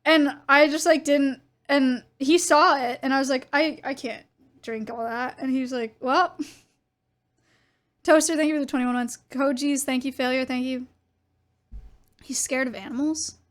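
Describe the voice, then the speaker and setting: High-voiced woman telling stories on stream. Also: measured pace, pauses often. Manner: animated storytelling with laughs and quoted dialogue. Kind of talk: casual stream chat.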